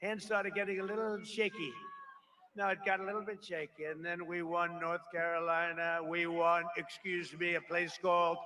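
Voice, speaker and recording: A politician speaks at a podium microphone before a large rally crowd, giving a rambling, boastful campaign speech packed with repeated asides. His high voice is monotone, bright, and forceful at a moderate pace, and the live recording is noisy.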